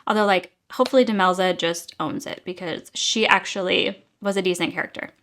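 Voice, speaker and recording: A woman's voice: on the low side, fairly even intonation, a little fast, a bit bright. A young adult woman giving a casual, exasperated book review, talking chattily with many fillers.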